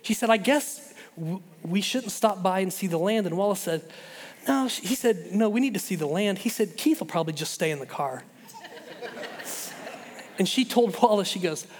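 A man, a pastor, telling a story in a sermon, animated and acting out the voices of the people in it. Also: high voice, normal speed, a little hiss or hum. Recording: long reverb of a large hall.

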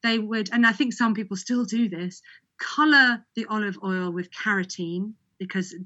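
A woman's voice: medium pitch, normal speed, sharp tone, highs cut off. A woman from Britain chatting casually about cooking with olive oil, laughing often and restarting sentences. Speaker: olive oil expert guest. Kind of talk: casual conversational interview.

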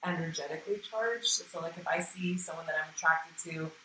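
A woman with a very bright, slightly low voice talks candidly in loose conversation, swearing freely. She sounds a little off-mic in a roomy space with a faint hiss behind her. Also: fairly quick. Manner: frank, animated, swears freely. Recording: roomy sound from some distance with faint noise.

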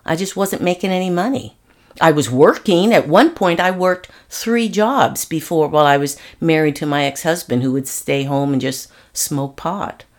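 A woman's voice: low-pitched, normal speed. A middle-aged woman being interviewed, recounting her working life in an earnest, reflective way with frequent restarts. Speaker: interview guest. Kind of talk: candid personal storytelling.

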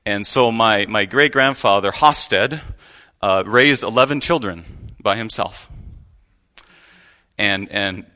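Man preaching a sermon, bright and sharp tone, casual earnest delivery. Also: lowish voice, slow, long pauses. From United States. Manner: conversational, earnest storytelling with asides. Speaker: guest preacher. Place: church pulpit.

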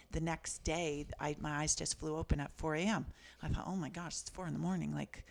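This Canadian author in her fifties has a deep, creaky voice. As a guest, she shares personal stories in conversation, speaking softly with earnest reflection.

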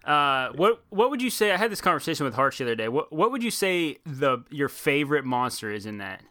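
This young podcast co-host's voice runs a little high, with big pitch swings and a slightly fast, pushed, bright delivery. He chats loosely and rambles, using many fillers and restarts, in a clean studio recording without room sound.

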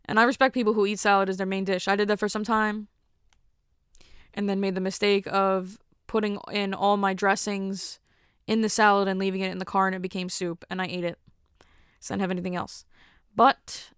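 A woman's voice: mid-range voice, clear, resonant tone, dry recording, clean studio sound. A woman hosting her own podcast, rambling in a casual, chatty, self-mocking solo monologue. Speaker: podcast host.

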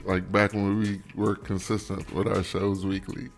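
A man's voice: deep voice, little pitch movement, measured pace, creaky, faint music behind. A man co-hosting a podcast in casual chat, laid back and joking. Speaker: podcast co-host.

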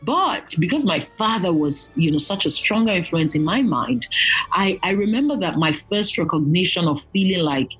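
A woman's voice: lowish voice, normal speed, husky, faint music behind, low-quality recording. A woman, a guest telling her story earnestly and in detail. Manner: earnest, animated when quoting others. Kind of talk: reflective storytelling.

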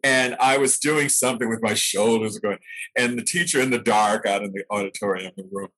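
An older man with a low, husky voice tells stories from his early theater years at an easy, reflective pace. He chuckles at himself now and then as he looks back. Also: fairly even intonation, a little fast, a bit bright, poor audio. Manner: reflective, anecdotal, laughs at himself. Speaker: interview guest, actor. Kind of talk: storytelling in an interview.

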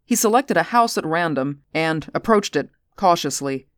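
A woman narrating a story aloud in a measured audiobook reading. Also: deep voice, animated, dry recording, clean studio sound. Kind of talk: audiobook narration of science fiction.

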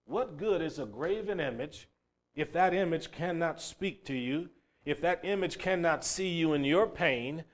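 High-voiced preacher man, loud then hushed. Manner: swings between loud emphatic bursts and low quiet passages; storytelling, acting out a crying child's shouts. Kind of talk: sermon.

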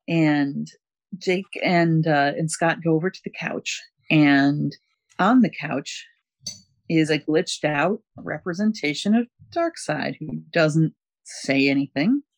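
A man's voice: on the high side, no room sound. A man casually recapping a story, rambling with many fillers and chuckles. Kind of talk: casual comic book recap.

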